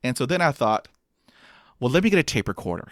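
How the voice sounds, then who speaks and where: Man with a stutter, storytelling, animated, self-mocking, dry close sound, mid-pitched. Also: fast talker, no echo. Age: adult with a master's degree. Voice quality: stutter with blocks and repetitions. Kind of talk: personal storytelling talk.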